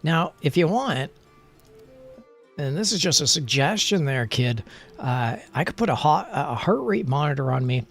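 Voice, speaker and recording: A man chatting casually on a relaxed stream, rambling and joking at his own expense. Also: fairly high pitch, normal speed, soft background music. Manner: rambling, playful, self-mocking.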